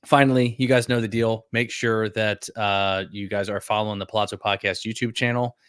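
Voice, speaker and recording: A man's voice: fairly low pitch, fairly even intonation, a little fast, a bit bright, clear, resonant tone, no room sound, clean studio sound. A man co-hosting a live fantasy baseball stream, upbeat and reading viewer comments aloud. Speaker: podcast co-host.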